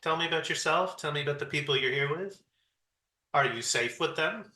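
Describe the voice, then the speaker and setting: A man's voice: a little high, fairly quick, pushed and bright, reverberant. A man playing a blunt, aggressively polite marine sergeant who presses for answers in a tabletop game. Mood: pressing. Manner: direct, pushy.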